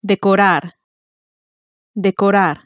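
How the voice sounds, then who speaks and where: A woman serving as the native-speaker model in a language lesson, saying single words slowly and with careful enunciation. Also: mid-range voice, steady tone, no room sound, clean studio sound. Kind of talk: repeating single words for learners.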